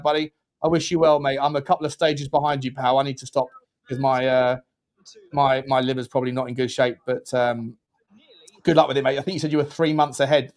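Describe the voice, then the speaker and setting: A man hosting a casual football watchalong, rambling and restarting his sentences. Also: a little high. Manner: rambling, restarts phrases, chatty. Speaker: host.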